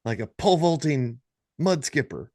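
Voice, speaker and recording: A man's voice: fairly high pitch, expressive, moderate pace, dark tone, dry recording, clean studio sound. A man guesting on a podcast in a casual chat, joking around and trying out silly phrases. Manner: playful, jokey, tries out silly phrases.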